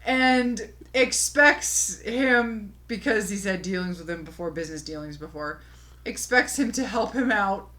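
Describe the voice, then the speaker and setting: A woman on a casual movie podcast, recapping a scene at a middling pitch. She restarts her sentences often and drops into quieter asides. Her delivery is loose and conversational. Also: a little slow. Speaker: podcast co-host.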